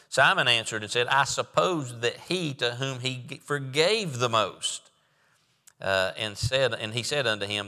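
A man preaching a sermon, reading scripture aloud and explaining it in a measured way with frequent "uh" fillers. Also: medium pitch, bright, forceful tone, long reverb tail.

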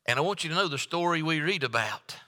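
Bright-voiced preacher in a reverberant church. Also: male voice, fairly high pitch, lively intonation, fast talker. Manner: preaching with rising fervor and repetition. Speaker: pastor. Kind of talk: sermon. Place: church sanctuary. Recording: long hall reverb.

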